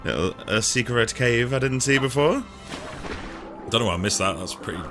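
A man giving chatty, self-mocking gameplay commentary, laughing often as his pitch jumps around. Game music plays behind his voice. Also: lively intonation, normal speed. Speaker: let's play host.

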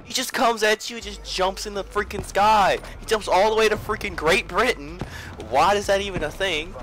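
A young man giving excitable gameplay commentary, swinging between mumbling and yelling. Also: high voice, normal speed. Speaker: gaming video creator. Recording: trap beat playing underneath. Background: background hip-hop music.

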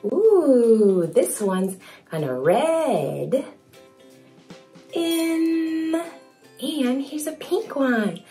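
Young woman hosting a toddler video, high and very lively, slow exaggerated sing-song, faint music underneath. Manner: bouncy, exaggerated and playful, with sound effects.

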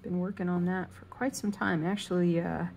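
A woman's voice: fairly low pitch, steady tone, normal speed, gravelly, darkish tone, slight background noise. A woman vlogging casually as she cross stitches, rambling and thinking aloud, humming and muttering to herself. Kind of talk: casual chat while stitching.

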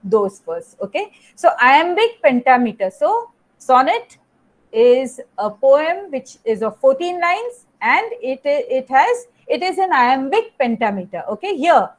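A high-pitched woman with an Indian English accent teaches an online class. She explains patiently, circles back over her points and keeps saying "you know" and "okay". Her voice sits well above the usual range for a woman. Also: big pitch swings, measured pace. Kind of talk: online lecture.

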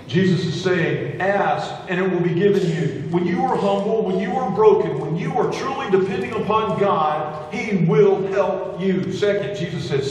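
A man preaching a sermon as pastor, moving between hushed storytelling and raised, fervent appeals. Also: high voice, moderate pace, few pauses, slight background noise. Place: church sanctuary. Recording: echoey church hall from a distance.

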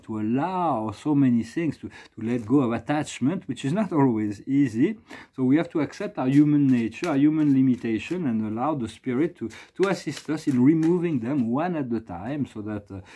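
A middle-aged man giving a slow, meditative spiritual talk as an oracle reader. He halts often, repeating words and restarting his phrases. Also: medium pitch, warm tone, husky.

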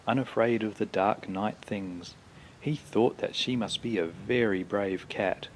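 A man reading a children's picture book aloud, with slow, expressive storytelling. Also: fairly low pitch, slight background noise.

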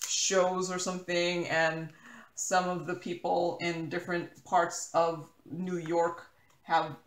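A woman's voice: lowish voice, fairly bright tone, reverberant. An American woman chatting casually while she crafts, rambling with lots of fillers and restarts. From United States. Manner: rambling, filler-heavy, self-correcting. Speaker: crafting YouTuber.

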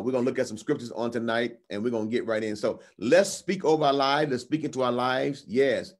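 Guy preaching on a stream, easy chatty tone w fillers, then slow heavy punch on the big words, mid pitch. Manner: slow emphatic declarations, rising on key words; relaxed, conversational with fillers. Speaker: pastor. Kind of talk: online Bible teaching.

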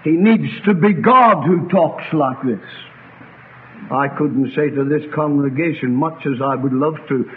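A man, a pastor, preaching a sermon to a congregation, swinging between loud cries and quiet low asides. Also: unhurried. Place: church congregation. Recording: tinny lo-fi archive sermon recording with faint noise.

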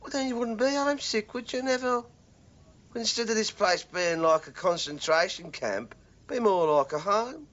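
A man's voice: sits high, lively intonation, moderate pace, a bit bright. An actor playing a pedantic, earnest tradesman who talks in long words. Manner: wordy, pompous. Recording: dull TV soundtrack.

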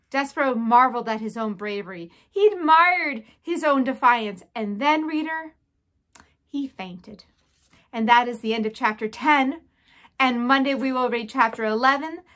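A woman's voice: high voice, a little slow, fairly bright tone. A woman reading a children's chapter book aloud, with chatty asides to her listeners.

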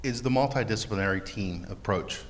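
A man speaking as a therapist on a panel, emphatic and animated, asking rhetorical questions. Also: fairly low pitch, brisk, a little hiss or hum. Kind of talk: panel talk. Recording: long hall reverb.

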